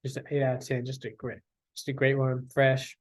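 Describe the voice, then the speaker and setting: A man's voice: mid-range voice, monotone, a little fast. A young man ranking his favorite albums in casual chat, enthusiastic and rambling, slangy and full of fillers.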